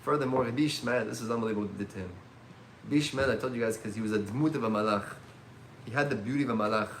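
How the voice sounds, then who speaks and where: A man teaching a religious class as a rabbi, telling stories in an animated way and mixing in Hebrew terms. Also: mid-range voice, very fast, a little hiss or hum. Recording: echoey room.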